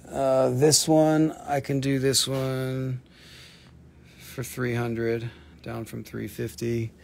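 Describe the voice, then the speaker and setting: A man's voice: medium pitch, vocal fry. A man hosting a live stream that sells minerals, talking casually with lots of swearing, ranting and then joking.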